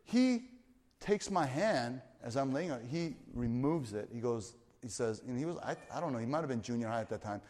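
A man preaching a sermon as a pastor, telling a story with lively energy and many fillers and restarts. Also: mid-range voice, normal speed, in a large hall. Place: church retreat hall.

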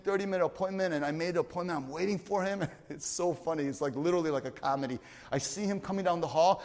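A man pastor telling a story in a sermon, animated, swinging from loud, excited bursts to quiet asides. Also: fairly high pitch. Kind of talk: storytelling sermon at a youth retreat. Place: retreat meeting hall. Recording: long reverb of a large hall.

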